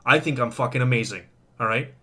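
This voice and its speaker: A man's voice: medium pitch, a little fast, bright, forceful tone, slightly rough. Man vlogger, worked up and rambling, defensive monologue. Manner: agitated, rambling, self-justifying. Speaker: vlogger in a reacted-to clip. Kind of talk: venting monologue to camera.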